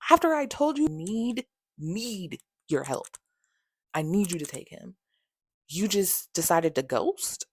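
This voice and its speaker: A woman's voice: on the low side, darkish tone, dry recording, studio quality. Exasperated woman venting in a vlog. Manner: candid, exasperated, sarcastic retelling; swears freely. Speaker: vlogger. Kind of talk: storytime vlog.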